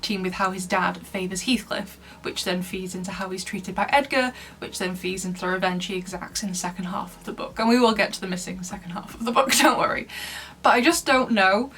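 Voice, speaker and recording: A woman's voice: medium pitch, fairly quick, fairly bright tone. A woman from Lancashire giving a casual review commentary in a chatty way, laughing often between points. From Lancashire, England. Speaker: book reviewer.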